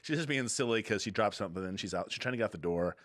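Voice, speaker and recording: Easygoing, low-voiced middle-aged man. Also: lively intonation, racing, a bit bright, no echo. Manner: easygoing, chuckling, rambling. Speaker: podcast co-host. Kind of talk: casual chat.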